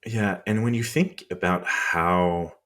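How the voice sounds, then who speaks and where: A man with a French accent and an extremely low, rumbling voice talks through history on a podcast. He explains in a loose, casual way, pausing on ums and restarting hard words. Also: fairly bright tone. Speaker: podcast co-host.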